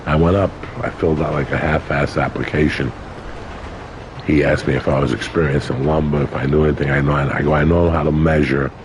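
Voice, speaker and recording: A man's voice: very deep voice, steady tone, brisk, noisy background. An older man telling stories in a casual interview, colorful and profane, acting out other people's lines. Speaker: guest. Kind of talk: casual storytelling.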